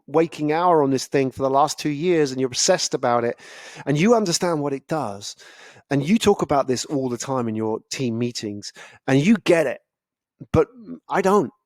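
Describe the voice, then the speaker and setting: A man giving a casual, animated talk about storytelling, often acting out other people's reactions. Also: a little high, brisk, dry recording, clean studio sound. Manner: animated, acts out listeners' reactions. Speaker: speaker on storytelling.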